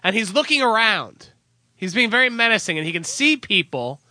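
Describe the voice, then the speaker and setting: A man's voice: sits high, sing-song, moderate pace, pushed and bright, no room sound. A man co-hosting a comedy podcast, teasing his friend and laughing often, a little stuffy from a cold. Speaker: podcast co-host. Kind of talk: casual comedic chat.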